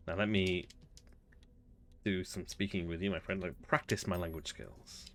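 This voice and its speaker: A man's voice: deep voice, steady tone, moderate pace, pauses often. A man casually commenting on his gameplay, chatty and amused, thinking aloud as he goes. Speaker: gaming video host.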